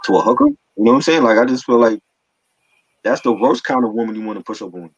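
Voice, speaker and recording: A man's voice: mid-range voice, fast talker, slightly rough, dry recording, dull audio. A man co-hosting a casual hip hop album review, slangy, joking and opinionated.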